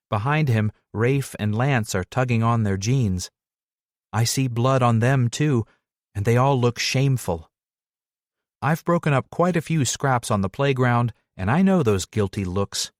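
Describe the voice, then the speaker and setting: A man narrating a romance audiobook in the first person, measured and steady. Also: medium pitch, dry recording, studio quality.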